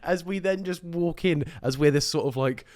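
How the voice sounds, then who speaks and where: A man's voice: a little high, normal speed, darkish tone. A young man co-hosting a podcast, telling rambling anecdotes in casual chat and laughing as he goes. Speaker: podcast co-host.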